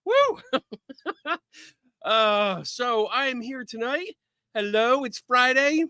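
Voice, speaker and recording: A middle-aged man hosting a casual live stream, excitably greeting viewers by name in quick asides. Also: very high voice, smooth, no echo, clean studio sound.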